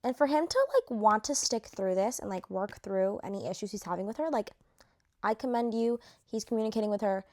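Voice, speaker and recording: A woman's voice: medium pitch, a little fast, darkish tone. A young woman chatting casually to camera while ranking reality show contestants, full of fillers and slang.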